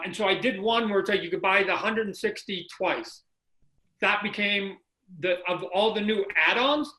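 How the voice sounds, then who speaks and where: A man's voice: high-pitched, fairly bright tone. A man, a comic book creator, telling stories as a podcast guest over a video call, animatedly acting out quotes and sound effects. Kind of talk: casual podcast conversation. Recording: roomy video call audio.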